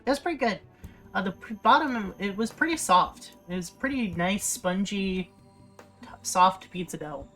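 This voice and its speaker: A woman's voice: mid-range voice, lively intonation, normal speed, a bit bright, soft background music. A young woman chatting casually while she livestreams, rambling with lots of fillers and restarts. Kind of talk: casual chat while streaming.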